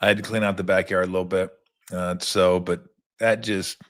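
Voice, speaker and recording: A middle-aged man hosting a talk show on his own, rambling through comic stories. He jumps into quick voiced asides and keeps an easy, animated delivery. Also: deep voice. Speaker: radio show host. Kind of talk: casual comic monologue.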